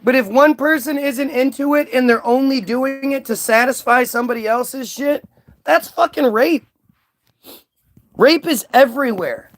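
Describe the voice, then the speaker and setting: A man's voice: extremely high pitch, moderate pace. A man hosting a livestream, ranting casually to his chat in a heated, profane way with many restarts. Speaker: livestream host. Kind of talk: casual rant to a live chat.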